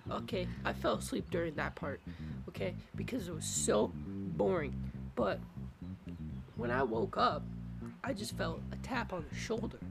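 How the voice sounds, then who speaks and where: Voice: medium pitch, wildly swooping pitch, normal speed, gravelly, pauses often, loud music behind the voice. A young podcast co-host telling a school story in a rambling, hesitant way. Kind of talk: casual chat.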